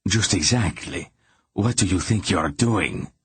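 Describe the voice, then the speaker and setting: A man's voice: sits low, lively intonation, measured pace, husky, no room sound, full character voice. A man voicing an irritable, blustering little emperor who snaps indignantly in an audiobook. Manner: indignant, snapping.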